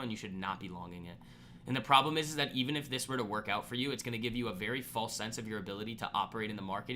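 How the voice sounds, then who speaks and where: A man's voice: lowish voice, sharp tone, a little hiss or hum. A man hosting a live trading stream, ranting bluntly and with exasperation at viewers' poor trades. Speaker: trading livestream host.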